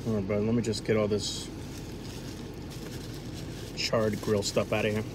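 A man's voice: on the low side, little pitch movement, unhurried, background noise. Chatty New man on a livestream. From New England. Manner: rambling, chatty, lots of fillers. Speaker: livestream food vlogger. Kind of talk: casual live-stream chat.

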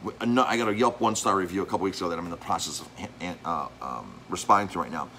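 Restaurant guy venting, lowish bright voice, keeps restarting and repeating himself, faint noise behind. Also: racing, low-quality recording. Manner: rambling, with many restarts and repeated words. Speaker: restaurant owner and chef. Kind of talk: casual talk to camera.

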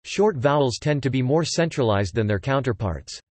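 Male text-to-speech narrator, mid pitch, flat machine reading of reference text, bone-dry close sound. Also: moderate pace, no echo. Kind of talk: synthetic encyclopedia narration. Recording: dry, close synthetic audio.

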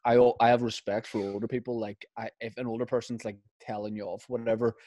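A man's voice: mid-range voice, little pitch movement, fast, mellow, no room sound. Dry-sounding rambling man. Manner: rambling storyteller, swears, laughs mid-story. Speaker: podcast co-host. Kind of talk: casual chat.

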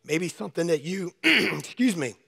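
High-voiced male pastor preaching, a bit hoarse. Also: expressive, normal speed, pushed and bright. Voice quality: slightly hoarse. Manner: conversational preaching, speaking to congregants by name. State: losing his voice. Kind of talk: sermon. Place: church sanctuary.

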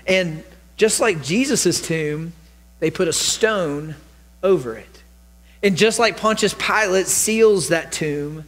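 A man with a high voice preaches a sermon in a church. He tells the story with animated storytelling and acts out the quoted lines himself. Long reverb from the hall trails behind his voice. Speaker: pastor. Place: church sanctuary.

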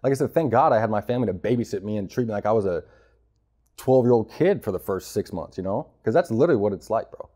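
Fast-talking streetwise man, dark voice. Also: lowish voice, lively intonation. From Arizona, United States. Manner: blunt, streetwise slang, frequent "bro" and "you know". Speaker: guest, former prisoner. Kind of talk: candid interview talk.

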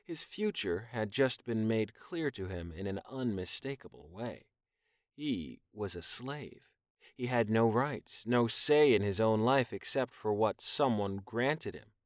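A man reading an audiobook in even, measured scripted narration. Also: fairly low pitch, no echo, clean studio sound.

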